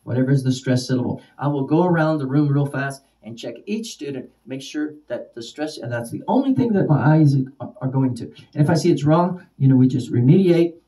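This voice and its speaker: A man's voice: medium pitch, expressive, fairly quick, mellow. Emphatic man teaching, from a distance. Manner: repetitive, emphatic, drills words aloud. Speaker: ESL teacher trainer. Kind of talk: instructional lecture.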